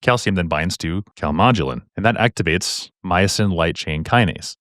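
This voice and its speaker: A man tutoring medical exam questions, walking through answers in a casual, jokey lecturing way with quick asides. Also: low voice, fairly bright tone, dry recording, clean studio sound. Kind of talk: explaining practice exam questions.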